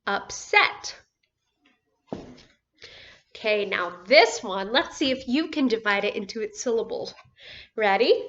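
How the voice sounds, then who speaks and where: A woman teaching a phonics lesson to first graders, slow and patient, drawing out each word and praising often. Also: medium pitch, lively intonation, a bit bright, dull audio. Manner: slow, patient, drawn-out words with encouraging praise. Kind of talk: phonics lesson for young children.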